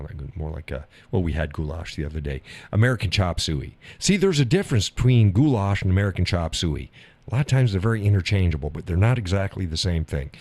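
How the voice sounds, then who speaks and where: A man's voice: low-pitched, a little mellow. A man hosting a live stream, chatting casually with viewers in a folksy, drawling way and laughing often.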